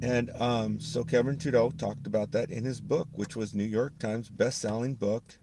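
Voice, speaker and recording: A man's voice: medium pitch, steady tone, normal speed, dark tone, a little hiss or hum. A middle-aged man talking on a casual livestream, rambling, repeating himself and losing his thread.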